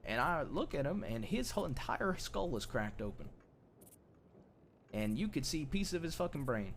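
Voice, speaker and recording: A young man in character for a roleplay game, narrating a violent outlaw tale with plenty of cursing. His voice swings widely up and down as he tells it, and drops low and hushed at the darkest moments. A faint hum of ambience sits behind him. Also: very animated, moderate pace. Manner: rough, profane outlaw storytelling, drops low and quiet.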